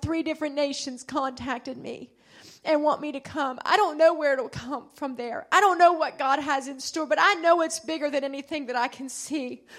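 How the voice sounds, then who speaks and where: A woman preaching a sermon with passion, calling out to the congregation and swinging between loud and hushed. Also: high voice. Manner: calls out to the congregation.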